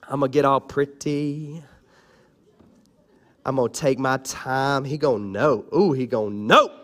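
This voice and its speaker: Sassy scorned young widow woman plotting revenge, put on by a male preacher in a low, drawling mutter. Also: a little slow, a bit bright, close to an everyday voice. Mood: scheming.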